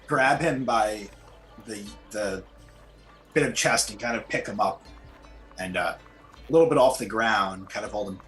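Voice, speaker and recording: A man's voice: fairly low pitch, unhurried, pauses often, fairly bright tone, faint music behind. A man playing a tabletop game, describing what his character does with hesitant fillers. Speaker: player.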